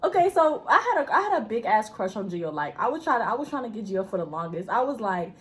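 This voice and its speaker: A woman's voice: on the high side, sing-song, fast talker. A young woman casually telling a school story, blunt and profane, acting out the people in it.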